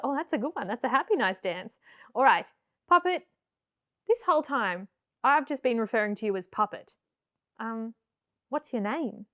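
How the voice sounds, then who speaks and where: A woman's voice: on the high side, expressive, normal speed, long pauses, fairly bright tone. Cheerful woman teaching puppet making. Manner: cheerful, encouraging, playful. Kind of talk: children's craft tutorial.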